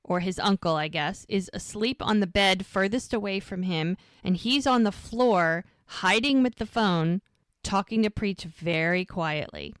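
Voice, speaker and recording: A woman co-hosting a podcast casually recaps a TV episode, retelling scenes in detail and acting out quoted lines. Her mid-range voice is clear and resonant, with lively intonation and a slightly slow pace, recorded in studio quality with no room sound.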